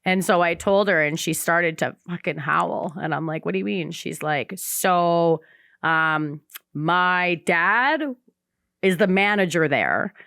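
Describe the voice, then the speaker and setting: A woman's voice: fairly low pitch, slow, a bit bright, clean tone, no room sound, clean studio sound. A young woman on a casual recovery podcast, a candid storyteller who swears freely and acts out the voices of the people in her story.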